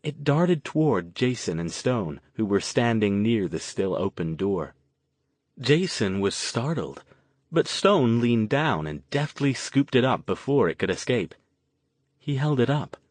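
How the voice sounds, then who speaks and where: A man narrating an audiobook in a steady, even storytelling manner. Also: medium pitch, a little slow, no echo. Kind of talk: scripted narration.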